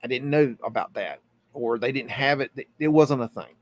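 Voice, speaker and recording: Pointing at a map on screen, a middle-aged live-stream host recounts something from his own life, earnest and halting, often starting over and repeating himself. He speaks at a medium pitch, and the audio has no echo.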